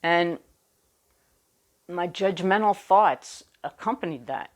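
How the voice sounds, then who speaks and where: A woman minister giving a sermon, speaking deliberately with emphatic pauses. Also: lowish voice.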